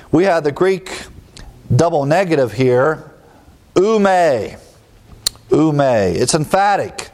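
A man preaching an expository sermon, explaining word meanings with emphatic rises in pitch and brief chuckling asides. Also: darkish tone. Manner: emphatic teaching, leaping up in pitch on key words, chuckling asides.

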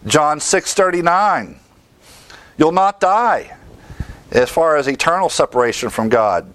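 A man's voice: a little high, fairly bright tone, dry recording. Man teaching Bible verses conversationally. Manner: conversational, repeats key words for emphasis; rattles off verse references in lists.

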